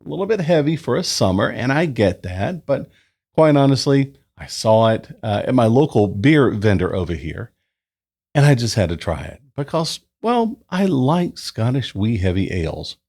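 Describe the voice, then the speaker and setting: A man hosting a casual beer review, chatting at home into a new microphone. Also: normal speed. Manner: chatty, relaxed, lively pitch. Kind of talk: casual review with read-out history segment. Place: indoors at home, summer. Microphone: new desk microphone.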